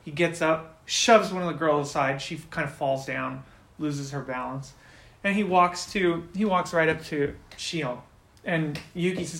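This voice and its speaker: A man runs a tabletop role-playing game as game master and narrates the scene. He talks in a slightly high voice and breaks into loud outbursts when he voices characters. The room gives his voice a noticeable echo. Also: moderate pace.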